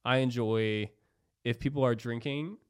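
A man's voice: medium pitch, steady tone, a little slow, clear, resonant tone, no echo, clean studio sound. A young man in casual podcast chat, laid-back and saying "bro" a lot.

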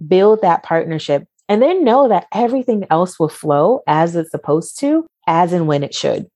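Low-voiced woman, emphatic coach. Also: animated, moderate pace, warm tone, no echo, clean studio sound. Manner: motivational, emphatic repetition. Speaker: guest. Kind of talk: podcast interview answers.

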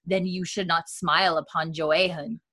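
Low-voiced woman, casual podcast co-host, rambling recap full of fillers. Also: fairly even intonation, normal speed, crowd noise. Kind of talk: casual chat.

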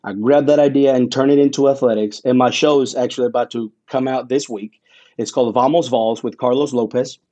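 A man being interviewed, a play-by-play broadcaster telling his story in an animated, emotional way. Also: mid-range voice. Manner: animated and emotional, with dramatic pauses.

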